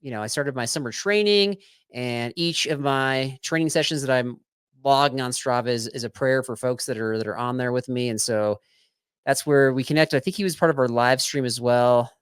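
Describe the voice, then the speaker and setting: A man's voice: medium pitch, moderate pace, clean tone, dry recording, clean studio sound. A man co-hosting a podcast, playfully reading trivia questions like a teacher and thanking supporters in casual chat. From Colorado. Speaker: podcast co-host.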